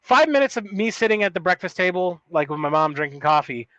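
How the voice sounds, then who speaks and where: A man's voice: sits high, sing-song, fast, fairly bright tone, no room sound, dull audio. A man co-hosting a podcast, telling a long story in a rambling, profane, casual way with many restarts. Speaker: podcast co-host.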